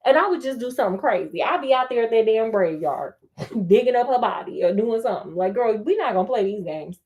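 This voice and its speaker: A woman's voice: a little high, brisk. A woman reading a book aloud and breaking off into sassy, joking commentary. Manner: sassy, animated, laughing asides. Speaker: storyteller.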